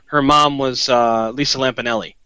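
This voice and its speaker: A man co-hosting a podcast in casual chat, talking in a rambling, halting way with many restarts. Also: medium pitch, fairly even intonation, pushed and bright, smooth. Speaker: podcast co-host.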